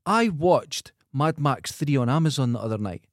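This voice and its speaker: A man's voice: mid-range voice, lively intonation, normal speed, no echo. A man from Scotland with a Scottish accent, a podcast co-host chatting casually with a teasing, dry humour. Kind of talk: casual chat.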